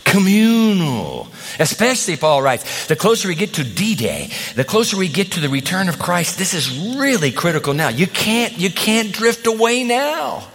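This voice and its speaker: A pastor delivering a sermon in a high, lively voice that leaps up and drops low. He acts out little scenes and swings between near-shouts and hushed asides. The sound rings on in a big, echoing hall. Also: normal speed. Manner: dramatic preacher, acts out voices, swings loud and soft. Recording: reverberant hall.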